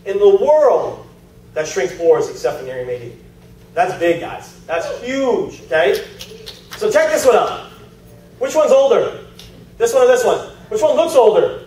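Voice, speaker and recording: A man's voice: high voice, a little mellow. A man giving a chatty sales presentation to a live group, telling stories and quizzing the audience. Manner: chatty storyteller, asks audience questions. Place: meeting room with an audience. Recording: echoey room, heard from far off.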